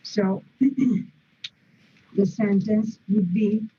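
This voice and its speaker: A woman's voice: mid-range voice, flat delivery, very slow, mellow, dull audio, a little hiss or hum. A woman teaching English grammar in an online lesson, explaining step by step with frequent "mm-hmm" and "okay" checks.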